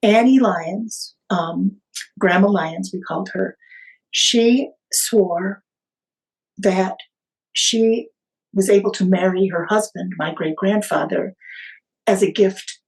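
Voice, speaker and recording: A woman podcast guest retelling a family story in conversation, animated, with small hesitations and restarts. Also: medium pitch, slow, creaky, poor audio.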